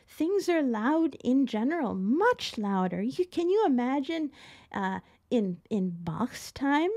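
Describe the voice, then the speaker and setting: A middle-aged woman teaching piano in a chatty, expressive way, often laughing as she explains. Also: a little high. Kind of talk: casual spoken tutorial.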